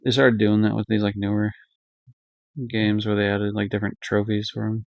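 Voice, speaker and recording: A man's voice: fairly low pitch, monotone, moderate pace, vocal fry, a little mellow, no echo. A young man streaming live, rambling casually through game ratings with lots of fillers, swearing and self-corrections. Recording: dull lo-fi dry stream audio.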